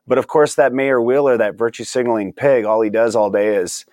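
A man's voice: medium pitch, fairly even intonation, a little fast, darkish tone, dry recording, clean studio sound. A man as a podcast guest, talking in a rambling, exasperated way and laughing often. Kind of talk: casual political chat.

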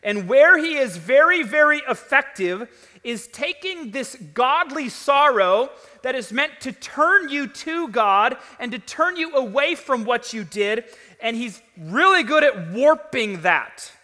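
A man's voice: extremely high pitch, animated, a little slow, bright, forceful tone. A man preaching a sermon to his congregation in a conversational, storytelling way, in a large church sanctuary. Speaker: pastor. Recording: long reverb of a large hall.

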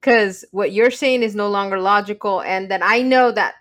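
A woman talking in a casual, unhurried conversation. She reflects on her own habits in a thoughtful, open way. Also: medium pitch, a bit bright.

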